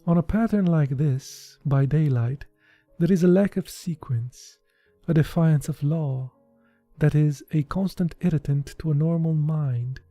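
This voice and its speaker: A man from Romania with a Romanian accent, reading a short story aloud in a slow, deliberate way and breaking off into casual asides. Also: a little high, mellow, dry recording, faint music behind.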